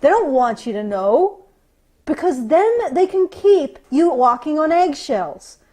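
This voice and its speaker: High-pitched and sing-song, this woman speaks slowly with a warm tone. She co-hosts a podcast, delivering a casual, sarcastic, profane rant that she keeps breaking off and beginning again.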